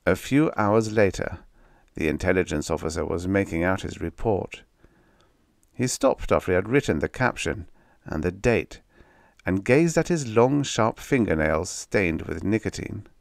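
A man narrating a science fiction audiobook in a steady, measured storytelling manner. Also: deep voice, creaky, no room sound, studio quality.

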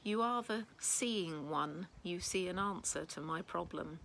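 A woman voicing a gentle, tearful young goddess who speaks softly and pleadingly. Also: on the low side, a little slow, gravelly, slight background noise, rough recording. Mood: cheerful. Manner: soft-spoken, pleading.

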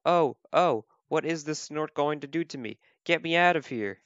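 Little worried baby bird, a guy doing it, high and pleading, muffled dry sound. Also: lively intonation, normal speed, a bit bright, no echo. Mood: frightened. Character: small anxious baby bird searching for mother. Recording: dull, lo-fi dry recording.

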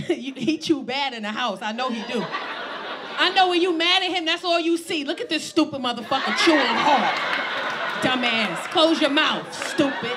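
A man doing crowd-work stand-up at a comedy club, loud and profane, laughing between his jokes. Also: very high voice. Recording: loud crowd and room noise.

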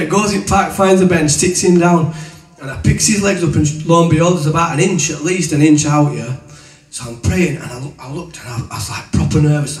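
A man's voice: on the high side, distant mic. A man gives a chatty, colloquial testimony and teaching as a preacher before a room of people. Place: room with an audience. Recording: echoey room, voice from away from the mic.

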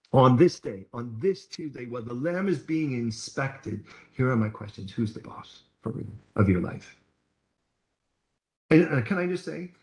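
Male pastor, mid-pitched, casual storytelling sermon delivery, roomy church echo. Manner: conversational, animated storytelling preacher. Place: church hall.

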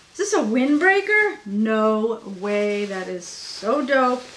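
Her voice sits a little high, with a slight hiss or hum in the audio. Tired and gushing, this vlogger chats casually as she unboxes cute merch at her home workspace, and the room sounds echoey with faint ambience.

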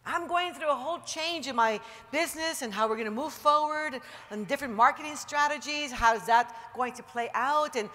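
A woman giving a motivational seminar talk to an audience, emphatic and rallying, easing into a slow guided relaxation. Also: high voice, fairly bright tone. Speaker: motivational speaker. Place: large seminar hall. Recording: reverberant hall recording.

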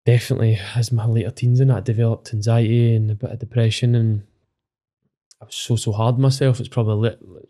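A man's voice: medium pitch, level tone, fast talker, dark tone. A man in his thirties with a Scottish accent, speaking openly and emotionally in a podcast interview, swearing often. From Scotland. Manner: open and emotional, with frequent swearing. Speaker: footballer guest.

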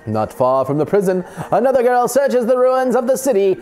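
A playful man hosts casual gameplay commentary, joking as he goes and reading the on-screen text aloud. His pitch swings widely from phrase to phrase, and faint game music plays behind him. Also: sing-song, fairly quick, warm tone. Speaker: video game channel host.

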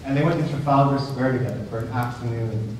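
A male professor leading a class discussion, animated and full of restarts and questions to the students. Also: medium pitch, quick pace, slight background noise. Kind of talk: discussion-led class talk. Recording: echoey hall heard from a distance.

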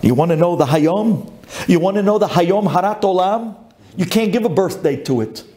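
A man, a rabbi, giving a dramatic storytelling sermon, chanting lists and swinging between high and low. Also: animated, moderate pace, dark tone.

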